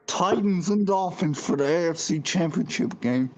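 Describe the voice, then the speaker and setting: A man hosting a casual livestream sports chat, halting and often repeating and restarting his words. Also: fairly high pitch, a little mellow. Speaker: show host.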